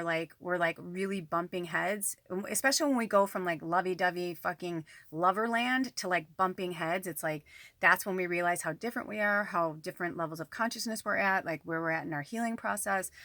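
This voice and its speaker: A woman's voice: fairly low pitch, pushed and bright, no room sound. A woman who works as a psychic medium, talking to her viewers in a rambling, candid monologue, swearing often and speaking close to the camera. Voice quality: frequent swearing, rambling and emphatic. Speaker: psychic medium and channel host. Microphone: camera close to the face.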